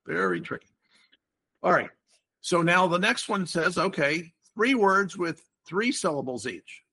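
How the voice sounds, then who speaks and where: A man's voice: high-pitched, expressive, a little slow, gravelly, sharp tone, slightly rough. An older man hosting a casual podcast chat, explaining word games in a playful, wordy way. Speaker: podcast host.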